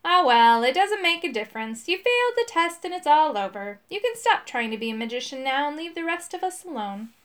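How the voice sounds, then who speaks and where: A woman's voice: high voice, big pitch swings, a bit bright, pitched above the performer's own voice. A woman voicing a smug, rule-bound male wizard who sneers and mocks in a storybook reading. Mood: sneering. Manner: sneering, slow and mocking.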